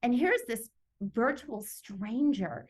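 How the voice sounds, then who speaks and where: A woman's voice: a little high, lively intonation, slow. A woman guest in an interview, telling a personal story and acting out her own inner voice, heard over a video call. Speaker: summit guest, author.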